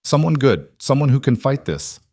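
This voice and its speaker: A determined young frontier wife speaks with urgent passion, voiced by a male narrator. Her lines sit above his normal pitch and stay close and dry. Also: sing-song, moderate pace, a little mellow, dry recording. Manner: impassioned, urgent.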